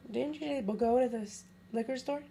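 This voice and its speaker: A woman who is sick with a rough voice, blunt and bossy, hurrying the others along at home. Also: fairly high pitch, fairly quick, mellow, distant mic. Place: home, off-mic in the room. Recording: echoey room, off-mic, background noise.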